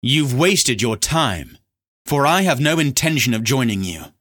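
A man's voice: medium pitch, big pitch swings, measured pace, fairly bright tone, breathy edge, dry recording, clean studio sound, voice pushed up, full character voice. A man voicing a proud young prince who speaks in a cold, clipped, defiant way.

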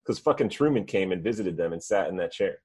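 A man's voice: low-pitched, expressive, fast talker, darkish tone, slightly rough. A man in casual chat who rambles through loose stories full of fillers.

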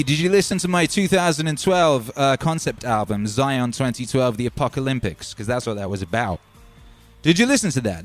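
A man hosting a casual livestream, talking animatedly and swinging from loud shouts to low mutters. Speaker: livestream host and musician.

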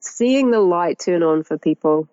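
A middle-aged woman with a New Zealand accent, a guest who talks about her work in a lively, chatty way and laughs often. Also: on the low side, unhurried, smooth, no room sound, dull audio. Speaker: guest, agroecologist and author. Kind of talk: conversational interview.

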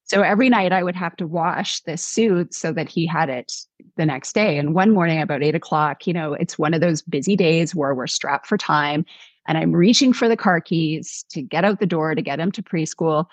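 A middle-aged woman, a guest author, telling a personal story in a conversational, animated way, acting out what people said. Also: low-pitched, moderate pace, dry recording. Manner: animated, acts out quotes.

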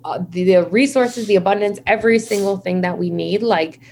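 A woman's voice: mid-range voice, a little fast, creaky, darkish tone. A woman guest in a casual interview, a nurse and founder, who tells stories in a chatty way, saying "like" often and acting out her own reactions. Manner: chatty storyteller, many "like"s, acts out her own past reactions. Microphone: video call.

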